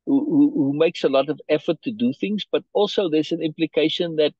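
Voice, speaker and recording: A man's voice: fairly high pitch, brisk, warm tone, husky, no echo, lo-fi sound. A man reading a story aloud and explaining it to a learner, checking in often and restarting his phrases. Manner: restarts and repeats words. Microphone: video call.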